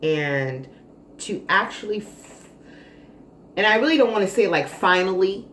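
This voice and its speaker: Animated, dramatic woman vlogger. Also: medium pitch, measured pace. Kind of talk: casual storytelling monologue. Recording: roomy echo, faint noise.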